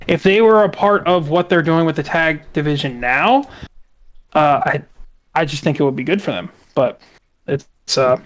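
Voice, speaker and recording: A young man co-hosting a podcast, speaking loosely and hesitantly with lots of fillers. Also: on the high side. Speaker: podcast co-host. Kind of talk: casual chat.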